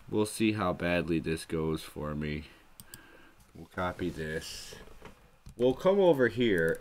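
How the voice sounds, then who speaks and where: A man with a very low voice hosts a casual livestream, chatting loosely to his viewers. He rambles and narrates every click as he fumbles with his computer. He is speaking close to a desk microphone. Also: a little hiss or hum. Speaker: livestream host.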